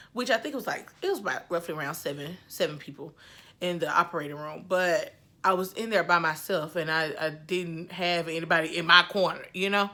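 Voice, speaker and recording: A woman vlogger telling a story casually to camera, animated and laughing, swinging between hushed and loud. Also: lowish voice.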